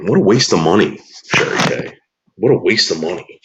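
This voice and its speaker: A man's voice: low-pitched, animated, normal speed, a bit bright, highs cut off. A man ranting crudely and bitterly in casual talk, drawling some words and muttering others. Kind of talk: profane casual rant.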